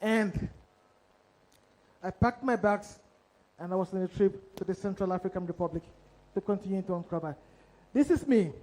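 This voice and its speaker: High-pitched, mellow-toned male storyteller. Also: moderate pace, long pauses, rough recording. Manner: dramatic, asks the audience questions directly. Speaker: investigative journalist. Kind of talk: storytelling talk on stage. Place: live event stage before an audience.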